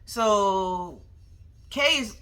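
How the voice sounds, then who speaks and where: A woman's voice: medium pitch, lively intonation, extremely slow, pushed and bright, clear, resonant tone. A young woman recapping a reality show in a sassy, slangy way, talking back to the people on it and making frequent asides to her viewers. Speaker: vlogger.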